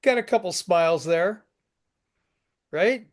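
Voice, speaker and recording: A man in his sixties runs a business networking group on a video call, in what sounds like a relaxed chat among regulars. His slightly high voice is expressive and slow, and his folksy, joking style often has him repeating himself.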